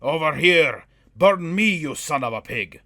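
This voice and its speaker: A man's voice: fairly high pitch, animated, measured pace, bright, forceful tone, no room sound, clean studio sound, pitched above the performer's own voice, exaggerated voice. A man voicing a brave male dwarf warrior in an audiobook, barking urgent commands. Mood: shouting urgently. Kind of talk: audiobook character voice.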